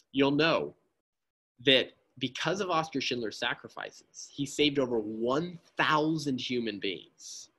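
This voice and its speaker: A man's voice: mid-range voice, bright, forceful tone, breathy edge. A man giving an impassioned pro-life talk at a church, speaking emphatically, often asking "right?" and addressing the listeners as friends.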